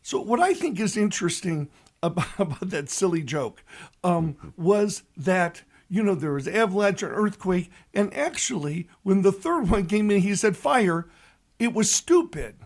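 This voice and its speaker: A man, a pastor telling a joke and giving a radio reflection, animated and loud at the punchlines. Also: high voice, a little slow. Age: 60s. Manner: animated storyteller who shouts the punchlines.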